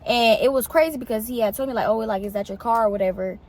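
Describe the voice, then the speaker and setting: A young woman vlogging casually, telling an animated story full of fillers and swearing. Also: fast. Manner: animated, swearing, filler-heavy, pitch jumps on exclamations. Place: outdoors in shade.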